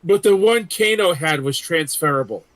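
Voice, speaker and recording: A man's voice: on the high side, expressive, normal speed, fairly bright tone, no echo. A man hosting a casual group chat, swearing freely and retelling scenes with animation. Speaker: podcast host.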